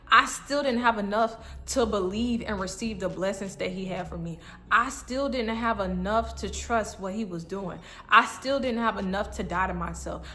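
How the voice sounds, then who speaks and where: A faith vlogger shares an emotional personal story of faith with her viewers, earnest and repetitive, at times breaking into tears and laughter. Her voice sits at a medium pitch and sounds bright and forceful.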